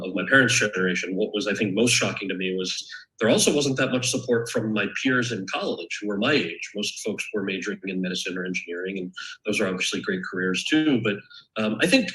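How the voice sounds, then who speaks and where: A man's voice: on the low side, fast talker, pushed and bright, rough recording. A man from the United States, an author and actor, reading from his memoir and then answering questions in a candid, thoughtful way with frequent restarts. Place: event stage or panel, indoors.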